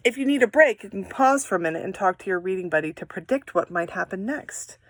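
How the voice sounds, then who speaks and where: Animated sing-song woman teaching reading. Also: medium pitch, quick pace, slight background noise. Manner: animated, sing-song and encouraging, acting out story voices. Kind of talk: instructional read-aloud guidance for children.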